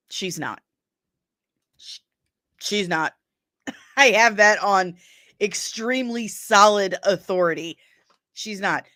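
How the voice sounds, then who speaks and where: A woman's voice: mid-range voice, sharp tone, dry recording, clean studio sound. A woman hosting a daily pop-culture news stream, chatting casually, laughing often and answering viewers' comments by name. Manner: loses her place while searching on screen and grumbles aloud. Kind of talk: casual live-stream chat about entertainment rumors.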